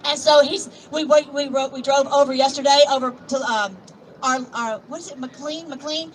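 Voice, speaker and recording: An older woman gives an impassioned rally speech outdoors. She reads scripture and calls out to the crowd, swinging between soft asides and shouts. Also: high-pitched, fairly even intonation, normal speed. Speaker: rally speaker. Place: outdoor plaza at a protest march. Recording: distant outdoor recording with crowd noise. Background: murmuring crowd and street noise.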